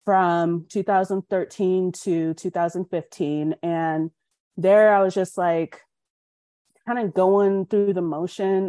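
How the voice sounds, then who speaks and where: Her voice is on the low side, and the recording is dry and clean, studio-grade. A young woman from Colorado, she appears on a podcast to tell her life story candidly, animatedly performing the voices of people she mentions.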